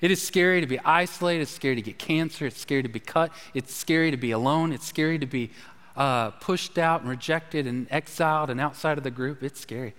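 A man's voice: fairly high pitch, brisk, fairly bright tone. A man preaching a sermon as pastor, emphatic and repetitive, often restarting his phrases. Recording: long hall reverb.

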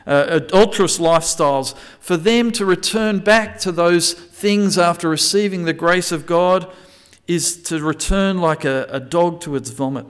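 A man's voice: a little high, clear, resonant tone. A man preaching a sermon, reading scripture aloud and explaining it with frequent restarts and self-corrections. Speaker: pastor.

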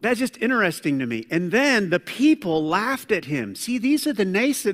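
A man preaching a sermon as pastor, animated, swinging between loud preaching and quiet asides. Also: high voice, normal speed, few pauses. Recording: long hall reverb.

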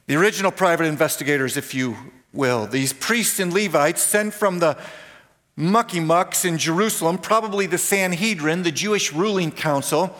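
High-voiced preaching pastor in a hall. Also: male voice, fairly bright tone. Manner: emphatic preaching, repeating key phrases, slowing for stress. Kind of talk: sermon. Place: church sanctuary.

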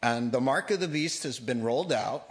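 Male pastor, mid-pitched voice, lively joking sermon delivery, reads scripture aloud. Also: moderate pace. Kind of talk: sermon Bible study.

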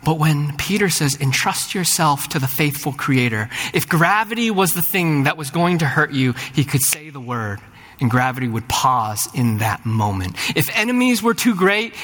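A middle-aged pastor preaches in a church sanctuary with long hall reverb, his medium-pitched, slightly bright voice very animated at normal speed. Earnest, he builds to fervent rising peaks and often repeats words as he starts a thought.

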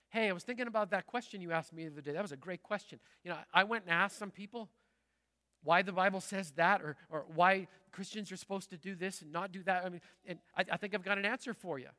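Bright high-voiced pastor preaching in hall. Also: male voice. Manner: conversational storytelling, lively and animated. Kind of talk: sermon. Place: large church sanctuary.

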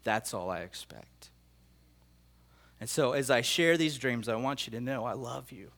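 An unhurried middle-aged man with a mid-range, fairly bright voice preaches as a pastor, telling of prophetic dreams. Emotional and sincere, he keeps restarting and repeating his phrases.

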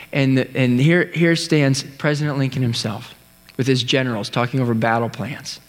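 Male pastor, sermon, earnest storytelling, long hall reverb. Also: medium pitch. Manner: storytelling, earnest, with pauses and restarts.

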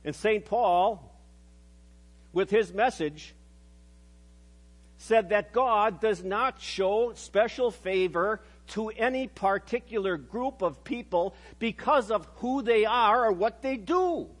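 A middle-aged male pastor preaching a sermon in an earnest way, slowing down on key phrases and dropping low and soft for solemn lines.

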